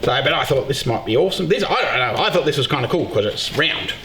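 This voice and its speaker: A middle-aged man hosting a casual beekeeping vlog, joking excitedly and swearing freely. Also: a little high, quick pace. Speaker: beekeeper and show host. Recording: echoey room with loud background noise.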